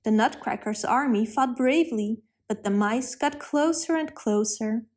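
A woman narrating a children's storybook in a calm, clear read-aloud manner. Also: a little high, unhurried.

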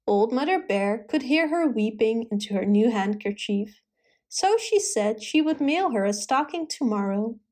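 A woman reading a children's Christmas story aloud in a gentle, rhythmic way. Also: on the high side, expressive, measured pace.

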